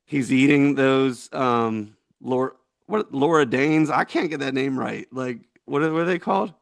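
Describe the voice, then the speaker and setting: A man's voice: medium pitch, normal speed, vocal fry, no room sound, clean studio sound. A man in his forties, a veteran being interviewed, telling a story in a rambling, laughing way with many fillers. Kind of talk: casual storytelling.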